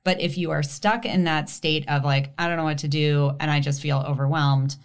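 Low-voiced woman guest, relaxed. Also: moderate pace. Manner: relaxed, thinks aloud with fillers. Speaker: podcast guest. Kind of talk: casual advice chat.

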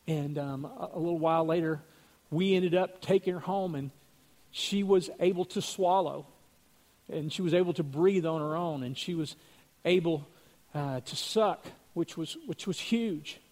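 A man's voice: fairly high pitch, measured pace, darkish tone. A man earnestly telling a religious testimony story, acting out what other people said.

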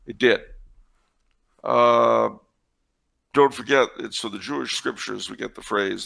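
A man's voice: medium pitch, a little slow, creaky, pauses often, a bit bright. A man answering questions on church history in casual discussion, with wry, digressive, sardonic asides.

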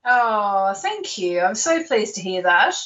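A woman's voice: medium pitch, big pitch swings, slow, fairly bright tone, distant mic, lo-fi sound. A woman hosting an astrology call-in show, talking in a chatty, reassuring way and sometimes correcting herself.

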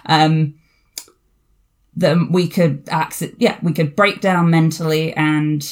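A woman's voice: sits low, fairly even intonation, slow. A woman hosting a podcast, chatting casually and digressively about a book, often laughing. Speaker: podcast host.

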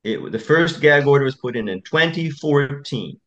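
A man's voice: a little high, lively intonation, moderate pace, a bit bright, muffled recording. A male attorney speaking as an interview guest, emphatic and repetitive as he tells stories. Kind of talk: interview conversation.

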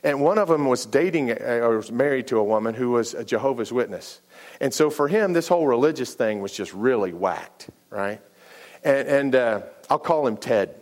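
Middle-aged male pastor in a sermon, animated storyteller, jumps up in pitch for quoted dialogue, frequent restarts. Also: moderate pace. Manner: animated and repetitive, many restarts, acts out dialogue.

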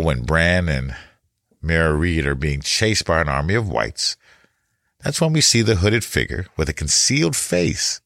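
A man talking through a TV series recap and analysis in a thoughtful, casual way, pausing and restarting as he goes. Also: low-pitched, fairly bright tone, no echo, studio quality. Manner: thoughtful, with frequent pauses and restarts.

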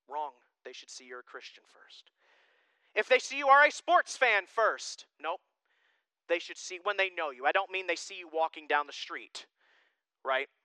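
Male pastor, high, lively voice, bright and crisp; emphatic preaching with quick asides. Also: no room sound. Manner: animated, emphatic, jokey asides. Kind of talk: sermon.

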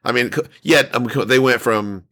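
A man's voice: mid-range voice, moderate pace, a bit bright. A man hosting a podcast, telling stories in a loose, rambling way full of restarts and fillers. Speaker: podcast host. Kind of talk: casual chat.

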